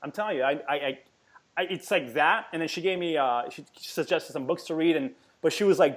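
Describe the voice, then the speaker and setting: A man in his forties telling a story as a podcast guest in an energetic, emphatic way, often repeating words. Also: a little high, fairly quick. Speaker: podcast guest, fitness entrepreneur. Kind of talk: casual storytelling interview.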